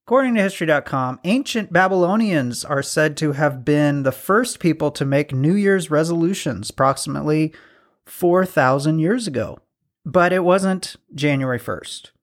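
Jokey man reading trivia. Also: a little high. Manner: jokey, self-deprecating, reads out trivia. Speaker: podcast co-host. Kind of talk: casual chat.

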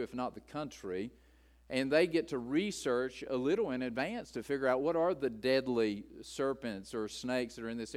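A man preaching a sermon, speaking emphatically and building his points through repetition. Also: mid-range voice. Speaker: pastor.

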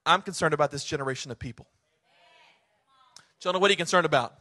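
A man voicing God as a deep, calm voice that gently scolds during a sermon. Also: fast. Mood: gently chiding.

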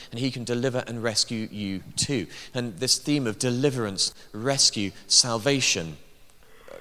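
A man's voice: mid-range voice, pushed and bright. A man preaching a sermon in a church, emphatic, with dry asides. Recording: long hall reverb.

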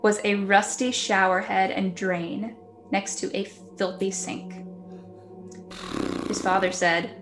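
A woman's voice: mid-range voice, level tone, slow, pauses often, over music. A woman casually telling a ghost story on a podcast, chatty and laughing now and then. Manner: chatty, laughs often, acts out quotes.

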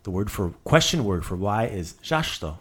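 A man's voice: on the low side, expressive, normal speed, breathy edge. A middle-aged man hosting a casual podcast lesson, joking and repeating words for practice. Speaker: language teacher and host.

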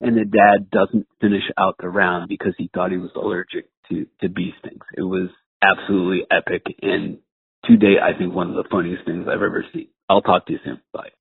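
A man, a caddie, telling a story in a voice message, with animated, excited delivery over a phone line. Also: low-pitched, brisk, creaky, husky. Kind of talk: voice-message anecdote. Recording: tinny phone-line recording.

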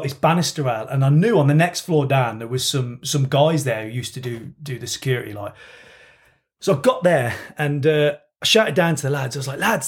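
A man telling a long, rambling story in casual podcast banter, swearing freely. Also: medium pitch.

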